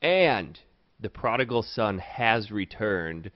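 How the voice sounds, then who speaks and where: Low, lively-voiced male podcast host. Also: takes it slowly, no echo. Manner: teasing, laughs often. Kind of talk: casual chat. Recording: dull lo-fi dry sound.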